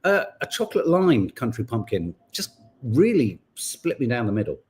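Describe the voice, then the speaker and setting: A middle-aged man hosts a casual morning podcast. He talks in a rambling, self-correcting way, and his pitch swings widely from line to line. His voice has a slightly husky edge. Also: big pitch swings, moderate pace, darkish tone. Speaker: podcast host. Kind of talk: casual chat greeting live viewers.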